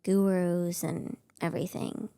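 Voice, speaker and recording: A woman's voice: fairly low pitch, fairly even intonation, measured pace, gravelly, warm tone, smooth. A woman in her thirties, a guest actress, telling stories in a casual, rambling way full of fillers. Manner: rambling storytelling, many fillers like "like". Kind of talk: casual chat.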